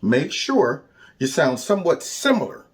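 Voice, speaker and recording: Mocking, animated male commentary host. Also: fairly high pitch, a little slow. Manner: mocking, sarcastic, emphatic and repetitive; casual, colloquial speech. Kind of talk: opinion commentary vlog.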